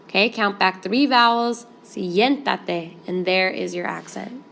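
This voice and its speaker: A woman teaches a Spanish lesson, walking through each rule in a clear, patient, step-by-step way. Her voice sits at a medium pitch, with a faint hiss of noise behind it. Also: normal speed. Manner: clear, explanatory, steady step-by-step pacing. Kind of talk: classroom grammar lesson.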